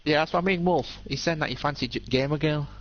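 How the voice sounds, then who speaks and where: A man's voice: on the high side, fast, highs cut off, a little hiss or hum. A man with a British accent teasing a friend over voice chat while gaming. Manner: teasing, gossipy. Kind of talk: casual chat over gameplay.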